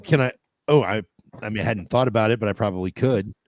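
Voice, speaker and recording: A man with a Midwestern American accent, a travel agent co-hosting a roundtable and chatting in a joking, animated way. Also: on the low side, fast, no echo. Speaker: podcast co-host, travel agent. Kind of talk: casual roundtable chat.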